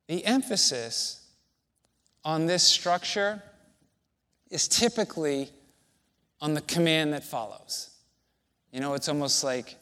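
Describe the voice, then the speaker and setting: A male pastor delivering a sermon in a fairly high voice. He speaks slowly and deliberately, leaning on pauses to let each phrase land. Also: bright, forceful tone. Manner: slow, deliberate preaching with emphatic pauses.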